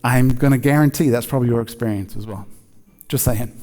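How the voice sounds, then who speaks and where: A man preaching a sermon in a conversational, animated way, joking with the congregation. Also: mid-range voice, brisk. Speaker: pastor.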